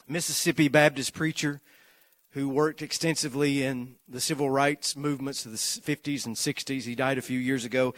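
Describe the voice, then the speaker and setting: A man preaching a sermon, moving from slow, measured lists to loud, rising repetition as he tells a story. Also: medium pitch, no room sound.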